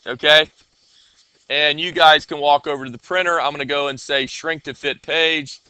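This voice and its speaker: A man's voice: a little high, fairly even intonation, moderate pace, bright, forceful tone, clean tone, no room sound. A man teaching a classroom coding lesson, talking casually and often checking that his students are following.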